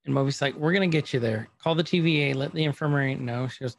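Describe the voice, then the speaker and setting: A man's voice: medium pitch, quick pace, vocal fry, hardly any pauses. A man casually recapping a TV episode on a podcast, retelling scenes and quoting the characters as he goes. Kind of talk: casual chat.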